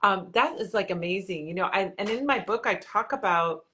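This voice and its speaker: A woman's voice: mid-range voice, animated, moderate pace, bright, forceful tone, slight background noise. A woman hosting a podcast interview, enthusiastic and affirming, who laughs often and asks her guest questions. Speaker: podcast host and author. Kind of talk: casual interview conversation.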